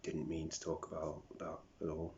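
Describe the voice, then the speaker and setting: A man's voice: rumbling low, monotone, moderate pace, noisy background. A man from South Africa with a picked-up British accent, rambling and mumbling in a confessional video diary, dropping into whispers and swearing often. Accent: British, picked up over a South African upbringing. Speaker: vlogger. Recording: dull lo-fi recording.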